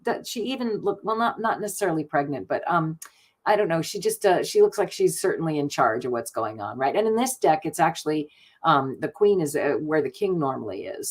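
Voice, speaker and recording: A woman's voice: sits low, darkish tone. Gushing, chatty woman card reader. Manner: gushing and chatty, laughs often. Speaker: card reader hosting a live stream. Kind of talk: casual live card reading.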